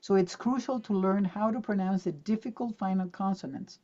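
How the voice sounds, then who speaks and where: A woman's voice: mid-range voice, moderate pace, warm tone, dull audio. A woman teaching pronunciation in an online talk for teachers. She demonstrates words aloud and keeps quizzing her audience. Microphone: video call.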